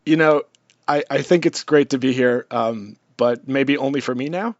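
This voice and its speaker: A man's voice: mid-range voice, normal speed, no echo, muffled recording. A man who is a guest on a casual comedic podcast, dry and self-deprecating, calling in from outside the studio. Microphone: remote, not in the studio.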